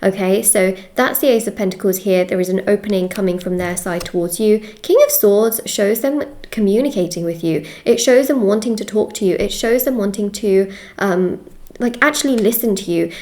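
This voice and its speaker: A woman's voice: medium pitch, mellow. Chatty woman giving a tarot reading. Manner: chatty, repeats phrases, checks in with "okay?". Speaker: tarot reader. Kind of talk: casual tarot reading to camera.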